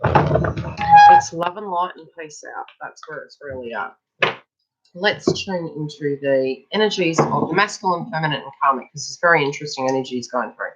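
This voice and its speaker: A woman's voice: low voice, wildly swooping pitch, moderate pace, muffled recording, slight background noise. A woman giving a casual, chatty live tarot reading. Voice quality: chatty, breaks off to talk to people nearby. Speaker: psychic tarot reader.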